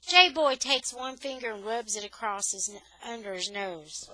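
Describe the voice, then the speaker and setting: A woman tutor reading a children's novel aloud, in a careful, expressive storytelling manner. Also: on the high side, unhurried, no echo, poor audio. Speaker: reader, English tutor.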